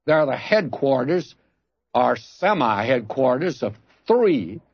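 A man's voice: mid-range voice, big pitch swings, slow, gravelly, husky, dry recording, muffled recording. An older man teaching the Bible on radio, telling folksy stories and throwing out emphatic questions.

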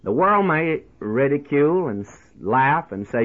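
A man's voice: a little high, very animated, measured pace. A man preaching a storytelling sermon on the radio, folksy and talking straight to his listeners as friends. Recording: tinny lo-fi radio broadcast.

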